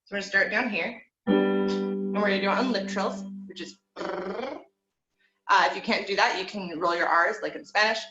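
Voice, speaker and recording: A woman's voice: mid-range voice, moderate pace, pauses often, roomy sound, highs cut off, music in the background. A woman teaching a group voice lesson over a video call, coaching in an easy, encouraging way with plenty of fillers.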